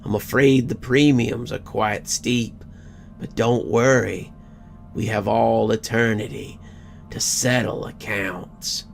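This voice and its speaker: A man voicing a raspy, vengeful male ghost who speaks low, slow and mocking, with a gravelly edge. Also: fairly even intonation. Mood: gloating. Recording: faint music underneath.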